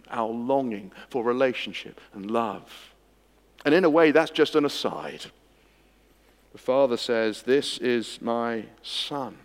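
A man preaching an expository sermon, swinging from hushed moments to emphatic ones. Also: medium pitch. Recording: long hall reverb.

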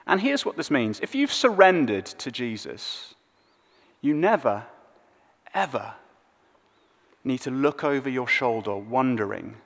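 A man preaching a sermon, swinging between loud emphatic lines and hushed low ones. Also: big-room sound. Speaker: pastor.

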